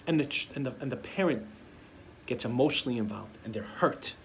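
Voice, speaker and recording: A man's voice: medium pitch, animated, a little fast, gravelly, slight background noise. A man giving a sermon as a rabbi, telling stories and acting out the voices of parents and children. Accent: Sephardic-community American English.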